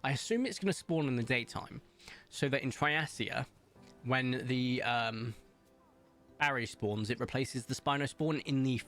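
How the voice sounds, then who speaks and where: A man streaming a game, chatting casually, reading viewers' messages aloud and telling stories, with big playful jumps in pitch. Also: moderate pace, a bit bright, soft background music. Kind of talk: casual chat while gaming, reading chat aloud.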